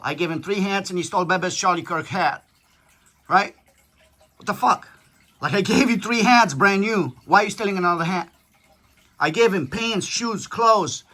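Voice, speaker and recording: A man's voice: high voice, bright, forceful tone. A man talking casually with his daughter, lecturing her in a blunt, profane storytelling manner. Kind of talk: casual chat.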